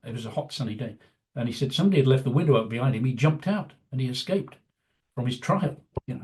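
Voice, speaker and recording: A man's voice: mid-range voice, expressive, quick pace, darkish tone. Older Englishman telling anecdotes. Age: 70s. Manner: rambling, anecdotal, many "you know" fillers. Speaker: guest, veteran news executive. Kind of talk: casual interview storytelling.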